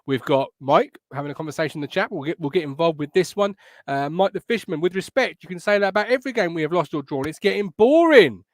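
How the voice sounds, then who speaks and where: A man's voice: on the high side, lively intonation, fast talker, no room sound. A man hosting a live fan podcast, chatty and upbeat as he reads out comments from the live chat. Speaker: podcast host.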